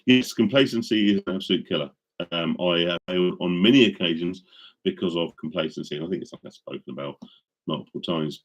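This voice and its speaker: Speaking into a studio mic, a middle-aged man rambles through a casual chat with his live-stream audience, full of ums and false starts. His voice sits low.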